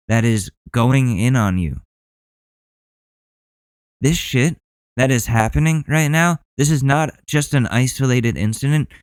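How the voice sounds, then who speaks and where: A male podcast host working himself into a heated, profane rant. His voice is smooth and resonant at a mid pitch, recorded dry and close. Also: no room sound. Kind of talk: podcast commentary.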